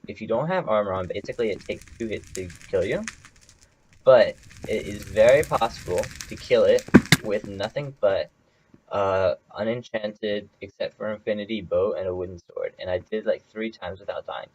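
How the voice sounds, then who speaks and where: A man's voice: on the low side, moderate pace, slight background noise, rough recording. Rambling young man narrating gameplay. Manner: rambling, thinking aloud with many fillers. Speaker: gameplay video host. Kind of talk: casual gameplay commentary.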